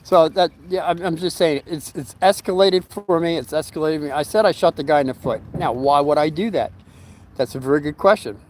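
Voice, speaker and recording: A man's voice: on the high side, fairly quick, a little mellow. A middle-aged man telling a long story in a casual vlog at his home, rambling with fillers and restarts, and briefly acting out the voices of the people in it. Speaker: storyteller vlogger.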